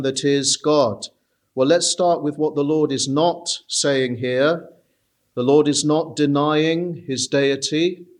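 Man, slightly higher voice, preaching, measured and earnest, pauses with uh. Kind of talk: expository sermon.

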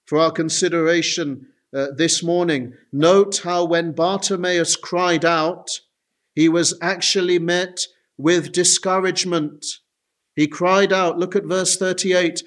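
A man's voice: fairly high pitch, fairly bright tone. A man preaching an earnest sermon, often turning to his listeners with direct appeals.

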